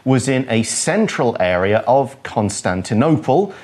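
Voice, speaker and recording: A man's voice: medium pitch, sing-song, a little slow, darkish tone. Man explaining grammar step by step. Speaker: English teacher, co-host. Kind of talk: radio English lesson.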